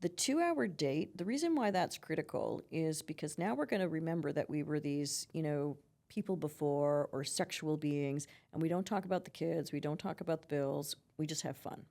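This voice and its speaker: A woman's voice: low-pitched, moderate pace, hardly any pauses, warm tone. A middle-aged woman, a psychotherapist giving earnest advice in a conversational podcast interview, peppering her talk with "you know" and "right?". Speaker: psychotherapist guest.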